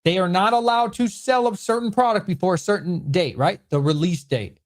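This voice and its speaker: A man with an animated, bantering manner, hosting a casual livestream Q&A from home and answering chat comments. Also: high voice, fairly quick. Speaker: host.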